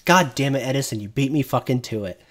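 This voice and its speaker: A male streamer talks over a video he's reacting to, cursing freely and ranting in a loose, casual way. His voice sits at an ordinary middle pitch. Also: expressive, quick pace, fairly bright tone. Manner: profane, ranting. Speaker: streamer host.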